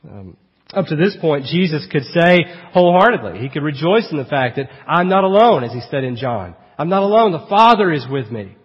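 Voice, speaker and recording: A man preaching an expository sermon as pastor, dropping to hushed asides and rising to emphatic quoted cries. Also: slightly rough. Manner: swings between hushed low asides and raised emphatic quotes. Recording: dull sound with long reverb in a hall.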